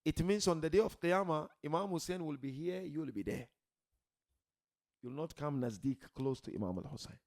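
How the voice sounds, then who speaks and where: A man preaching a sermon to a gathering, swinging from soft pleading to loud shouted emphasis, asking rhetorical questions and repeating key words. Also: a little high, lively intonation, brisk.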